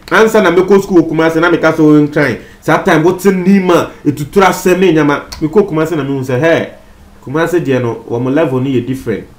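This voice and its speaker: Ghanaian male TV presenter, high voice, talks straight to viewers, echoey room. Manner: mixes Twi with English; addresses viewers directly. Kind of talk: commentary on a news story. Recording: roomy echo.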